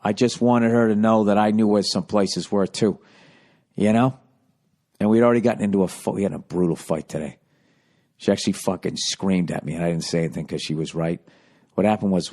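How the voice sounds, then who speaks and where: A man hosting a comedy podcast who tells a rambling story, swearing constantly and getting loud and worked up as he goes. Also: mid-range voice. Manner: gets loud and worked up while telling a story.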